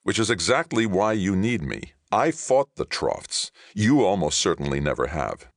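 A man voicing a calm male veteran soldier who speaks low and measured. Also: no echo, studio quality, full character voice.

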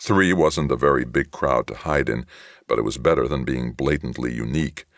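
Casting note: male narrator, extremely low voice, steady measured reading, dry close recording. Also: dry recording. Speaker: audiobook narrator. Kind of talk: scripted narration of a science fiction novel.

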